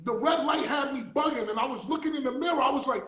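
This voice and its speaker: Excitable high-voiced man, roomy echo. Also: fast. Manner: excitable, stammering, animated storytelling. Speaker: interview host. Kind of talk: casual chat.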